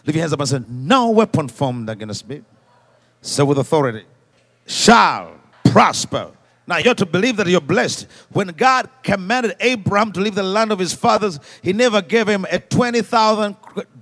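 Preacher guy at a church service, kinda high voice, call and response, goes from quiet asides to shouting. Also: very animated, moderate pace. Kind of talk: sermon. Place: church service before a congregation.

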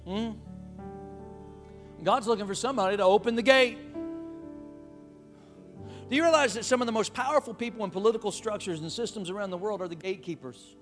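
A man delivers a sermon with emphatic, animated energy, often calling out to his congregation. Faint music plays underneath his preaching. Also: high-pitched, a little fast, pauses often. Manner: emphatic, call-and-response, animated.

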